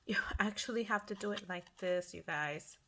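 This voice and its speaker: A woman's voice: mid-range voice, normal speed, a bit bright, slight background noise. A middle-aged woman hosting a casual craft tutorial at home, chatty and apologetic, often restarting her sentences. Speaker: craft channel host.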